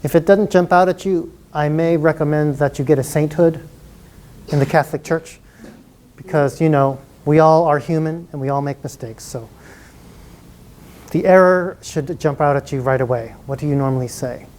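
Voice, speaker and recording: A man's voice: fairly high pitch, moderate pace, darkish tone. A man presenting a live college workshop to an audience, chatty and encouraging, often laughing.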